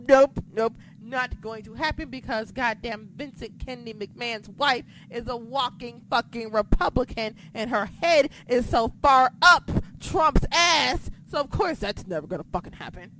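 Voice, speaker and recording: Excitable foul-mouthed woman podcast host. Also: fairly high pitch, slight background noise. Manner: excitable, profane, jumps between shouting and muttering. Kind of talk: casual recap chat.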